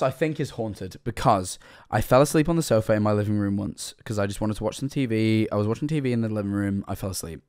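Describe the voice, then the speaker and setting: A tipsy man in his twenties streaming live, rambling through a story, jumping from loud outbursts to hushed asides. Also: on the low side. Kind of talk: casual live-stream chat.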